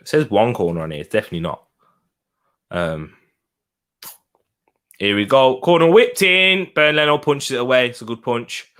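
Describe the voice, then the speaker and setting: A man's voice: medium pitch, animated, moderate pace, pauses often, fairly bright tone. A man hosting a live football watch-along, talking in an exasperated, rambling way and repeating himself.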